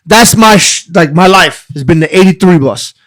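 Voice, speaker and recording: Man, pitched high, cursing, fired up, dry studio sound. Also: normal speed, no room sound, poor audio. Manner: profane, animated, heated. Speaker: podcast guest, wrestler. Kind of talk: casual storytelling.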